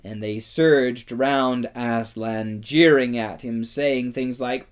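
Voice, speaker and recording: A man reading a storybook aloud in a measured, dramatic way. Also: medium pitch, steady tone, smooth. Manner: slow, measured, dramatic delivery. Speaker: narrator.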